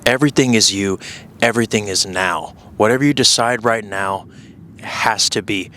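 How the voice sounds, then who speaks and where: Guy doing a self-help talk outside, low-ish voice but bright and punchy, asks lots of questions, slow drawn-out bits. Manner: assertive, rhetorical, drawn-out pauses. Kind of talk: casual motivational monologue. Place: outdoors with scenery.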